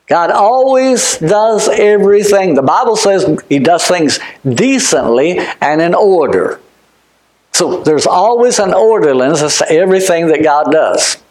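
A man preaching a fervent sermon. He shouts some points, drops to quiet asides for others, and often repeats or restarts his words. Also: sits high, animated, unhurried. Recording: echoey room.

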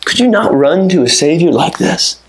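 A man preaching a sermon, swinging from low, measured teaching to high, urgent pleading. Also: expressive. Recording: roomy echo.

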